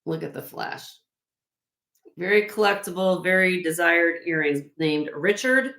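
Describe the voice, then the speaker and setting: A woman's voice: lowish voice, unhurried, bright, forceful tone, poor audio. A woman with a Midwestern accent hosting a live-stream jewelry sale, chatty and effusive as she shows off each piece. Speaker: host selling vintage jewelry on a live stream. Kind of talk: live-stream sales chat.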